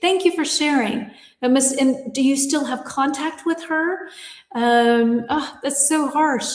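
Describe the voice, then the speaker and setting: A woman's voice: high-pitched, slow. An American woman hosting a live English lesson, chatting and reading out viewer comments. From United States. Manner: chatty, reads comments aloud and reacts. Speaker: English teacher. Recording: echoey room with long reverb.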